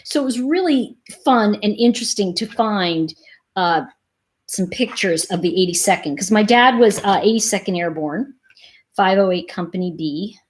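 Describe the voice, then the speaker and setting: A middle-aged woman hosting a casual livestream, rambling through animated stories and talking straight to her viewers. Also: medium pitch, moderate pace. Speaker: host.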